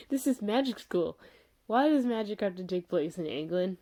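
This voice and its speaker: A woman's voice: mid-range voice, animated, unhurried, warm tone. Exasperated young woman ranting casually. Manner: exasperated, rambling with fillers and laughs. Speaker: vlogger reviewing a show.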